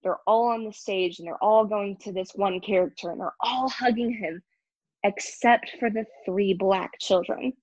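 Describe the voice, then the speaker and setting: A woman's voice: medium pitch, normal speed, darkish tone, no echo, muffled recording. A young woman telling her story as an interview guest, candid and emphatic. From United States. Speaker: guest, ex-member of a church. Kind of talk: casual interview talk.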